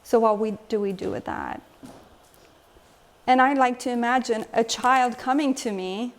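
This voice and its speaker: A woman's voice: a little high, unhurried. A woman emotional health coach giving a lecture to a live group, engaging the audience with frequent questions.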